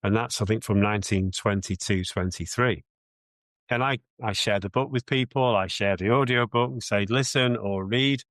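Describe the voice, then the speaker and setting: A man's voice: fairly low pitch, moderate pace, fairly bright tone, dry recording. A man with a British accent, a mindset coach answering interview questions in an earnest, reflective way, often restarting his sentences.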